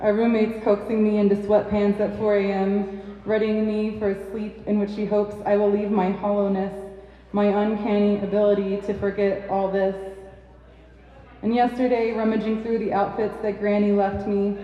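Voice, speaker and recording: A woman's voice: mid-range voice, level tone. Woman reading poetry in an echoey pub. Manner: measured, lyrical reading with shy asides. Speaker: poet giving a reading. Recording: echoey dull sound from a distant mic in a pub.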